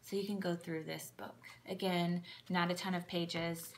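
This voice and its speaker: A woman's voice: on the low side, little pitch movement, moderate pace, background noise. A woman casually showing children's books and acting out their sound words in a sing-song voice. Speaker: children's book reviewer. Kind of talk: casual show-and-tell of books.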